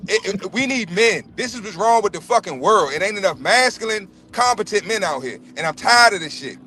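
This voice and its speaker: Man, blunt and profane, ranting hard on a livestream call; high, bright, hammering his points. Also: lively intonation, fairly quick. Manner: profane, blunt, emphatic, repeats himself. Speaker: livestream panelist. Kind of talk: heated casual rant. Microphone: remote livestream call.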